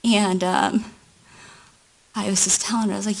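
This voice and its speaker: A woman testifying as a witness at a trial, recounting events in a slow, halting way. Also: mid-range voice, little pitch movement, creaky, slight background noise. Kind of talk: courtroom testimony.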